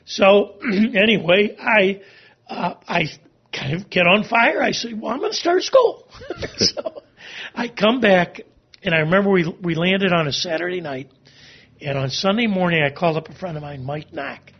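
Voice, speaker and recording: A middle-aged man telling a long personal story as an interview guest, halting and emotional, sometimes tearing up. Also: high voice. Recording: dull lo-fi recording.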